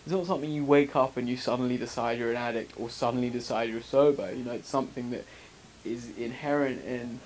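A man's voice: medium pitch, fairly even intonation, fast, hardly any pauses, a little mellow. A young British man, an actor chatting in a casual on-set interview, rambling and self-deprecating. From Britain.

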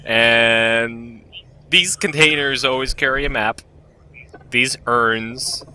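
A man's voice: medium pitch, slow, bright, forceful tone, slight background noise. A man playing a video game and commenting casually, joking and swearing freely. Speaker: let's play host and player.

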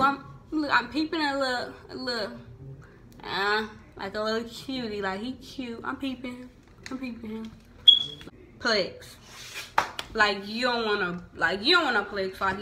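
Young houston girl w/ southern accent, bright voice, casual slang vlog, faint hiss behind. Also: medium pitch. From Houston, Texas. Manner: chatty, laughs, lots of "like". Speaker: vlogger.

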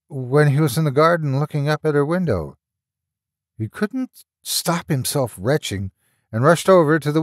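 A man reading a horror audiobook aloud with a dramatic, measured delivery and slow pauses. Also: medium pitch, dry recording, clean studio sound. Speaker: audiobook narrator. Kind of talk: scripted horror audiobook narration.

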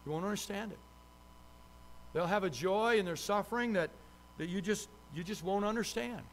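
Pastor guy preaching, kinda high voice, leans hard on words and repeats them. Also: moderate pace, a little hiss or hum. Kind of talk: sermon.

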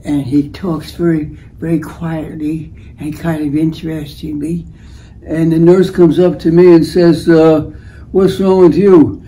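Slow, dark-voiced older man telling stories. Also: a little high, little pitch movement, low-quality recording. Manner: unhurried, acts out the voices in his stories. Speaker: host telling life stories. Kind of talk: rambling storytelling monologue.

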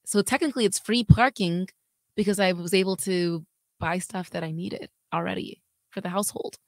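A woman's voice: lowish voice, normal speed, no room sound. A woman news anchor co-hosting a casual chat, talking freely and laughing easily.

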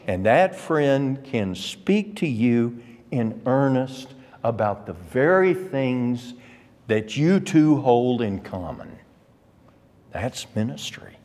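Older guy teaching sunday school, slow and emphatic, voice swings up and down, church hall echo. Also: mid-range voice, darkish tone. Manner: emphatic, deliberate, rising to stress key words. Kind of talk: Bible class teaching. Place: church classroom. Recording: long reverb of a church hall.

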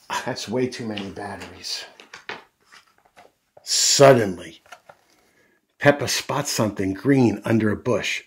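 A man's voice: fairly low pitch, slow, long pauses, husky. A man reading a picture book aloud to children as a storyteller, adding friendly asides to young listeners.

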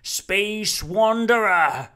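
A man's voice: expressive, measured pace, fairly bright tone. A man voicing a grandiose, preaching figure who lectures a crowd in solemn, declamatory tones. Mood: calling out. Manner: solemn, declamatory, booming calls.

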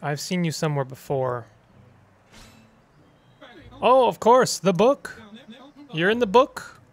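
A man's voice: high voice, slow, heavily acted. A man doing an eager young heroine fan. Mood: excited. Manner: excited, breathless.

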